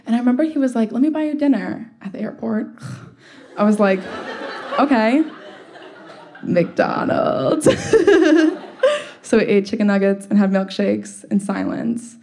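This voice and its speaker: A woman's voice: medium pitch, expressive, normal speed, mellow. A young woman telling a personal story in a casual, chatty way, full of "like" fillers and wry laughs. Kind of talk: storytelling monologue.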